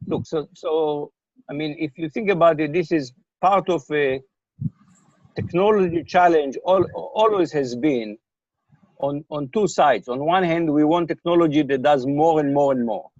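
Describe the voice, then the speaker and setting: An older man answers interview questions with slightly raised pitch, pausing to repeat words and check that he is followed. His voice comes over a remote call that sounds dry and a little dull. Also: darkish tone, no room sound. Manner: thoughtful, repeats words, checks in with "okay?" and "right?". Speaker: interviewee, computer scientist.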